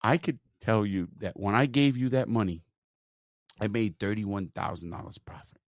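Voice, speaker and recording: Male podcast host, low voice, lively swearing storyteller, dry close mic. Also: normal speed, dry recording. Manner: profane, animated storyteller, quotes others. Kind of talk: casual storytelling chat.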